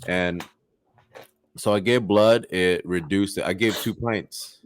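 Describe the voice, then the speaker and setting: A man's voice: deep voice, takes it slowly, a little hiss or hum. A man co-hosting a comedy podcast, casually chatting and telling a crude bar joke with swearing and acted-out voices. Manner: storytelling, swearing, acts out voices in jokes. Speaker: podcast co-host.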